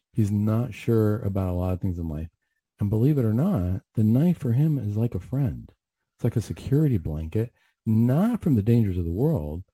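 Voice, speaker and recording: Husky, dark-voiced man telling a story. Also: on the low side, dry recording. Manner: earnest, reflective, acts out his own questions in quotes. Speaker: mental health clinician telling a patient story. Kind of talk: storytelling monologue, faith-based talk show.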